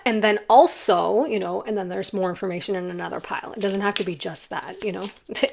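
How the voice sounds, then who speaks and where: A young adult woman giving a casual, effusive tarot card reading to her viewers, full of "like"s and quick laughs. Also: medium pitch, vocal fry, darkish tone. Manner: chatty and effusive, many "like"s, quick laughs, acts out imagined people.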